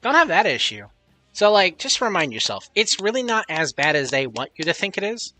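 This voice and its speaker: A man's voice: high voice, big pitch swings, brisk, sharp tone, no echo, faint music behind. A man streaming live, chatting casually and rambling with lots of swearing while reading chat messages aloud.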